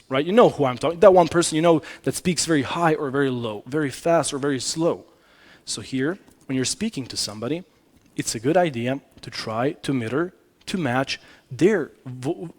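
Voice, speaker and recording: A man presenting a business communication talk at a conference, speaking straight to the audience in a conversational way, often correcting himself mid-sentence. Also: mid-range voice. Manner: conversational, addresses audience directly, frequent self-corrections. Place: conference stage.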